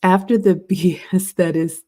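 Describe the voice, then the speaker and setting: A woman's voice: on the low side, steady tone, unhurried, mellow. A woman hosting a casual advice chat on etiquette, talking conversationally and addressing her listeners as ladies. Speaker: host.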